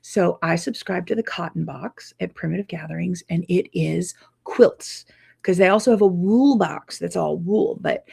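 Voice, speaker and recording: A tired woman quilting teacher talks casually to her viewers in a low, gravelly, husky voice. She rambles in a friendly way, with yawns and breaks in her speech from lack of sleep. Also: normal speed. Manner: tired, yawning, chatty, warm with viewers. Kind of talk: casual live chat to viewers.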